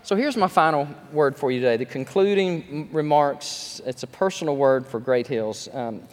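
A male pastor, his voice pitched a little high for a man. He preaches animatedly, with joking asides about himself. The sound rings with the long reverb of a large sanctuary. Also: moderate pace. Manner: animated storytelling, self-deprecating asides. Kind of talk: sermon.

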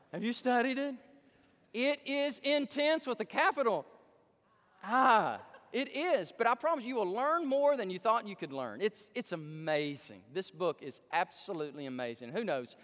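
An emphatic male pastor preaching in a large church sanctuary. His voice is high and very lively, and it swings from hushed pleading to loud excitement. A long hall reverb trails after every phrase. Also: moderate pace. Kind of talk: sermon.

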